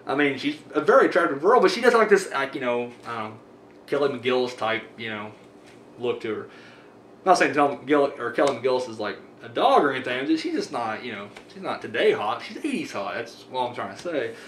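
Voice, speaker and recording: A man casually reviewing horror movies on his own, rambling and swearing freely with animated asides. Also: mid-range voice, a little fast. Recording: echoey room with faint hum.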